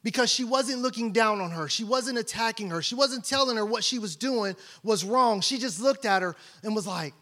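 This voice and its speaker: A man's voice: sits high, moderate pace, hardly any pauses, bright, forceful tone. A man preaching a conversational sermon as pastor, playful and often checking in with the congregation.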